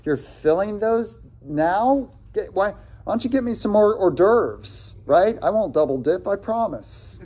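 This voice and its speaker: A man's voice: high-pitched, lively intonation, a little slow, mellow, voice pushed up. A man voicing a scornful wedding guest who needles the servants with incredulous questions. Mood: mocking.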